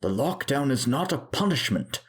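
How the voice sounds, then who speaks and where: A man's voice: lowish voice, a little slow, husky, pitched above the performer's own voice. A man voicing a stern male doctor who runs a group home and barks orders. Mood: shouting. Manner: shouting commands.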